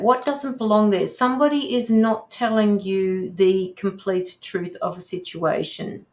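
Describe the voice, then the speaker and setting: A woman's voice: mid-range voice, a little slow, few pauses, darkish tone. A woman hosting a live tarot reading, reading viewer comments aloud and reassuring the sitter, with frequent ums and restarts. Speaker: tarot reader hosting a livestream.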